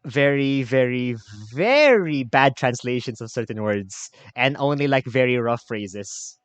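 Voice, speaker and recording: A man's voice: mid-range voice, animated, a little slow, clear, resonant tone, dry recording. A man hosting a casual interview, asking questions with many restarts and fillers. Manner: hesitant, many restarts and fillers, laughs easily. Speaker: host.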